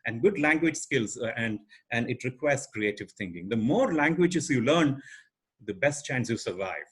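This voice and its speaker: A man's voice: mid-range voice, lively intonation, moderate pace, slightly rough. A middle-aged man giving an online training lecture as a corporate trainer, emphatic and asking the audience rhetorical questions.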